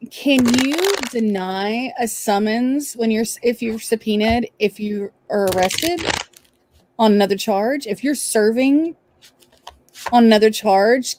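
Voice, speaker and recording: A woman's voice: fairly high pitch, a little mellow, a little hiss or hum. Hesitant woman chatting on a livestream. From Southern United States. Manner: hesitant, trailing off, wry. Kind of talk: casual chat.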